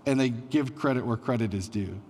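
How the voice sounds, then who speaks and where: A man's voice: mid-range voice, fairly quick, a little mellow, big-room sound, slight background noise. A man preaching a sermon as pastor, in a conversational style with frequent fillers.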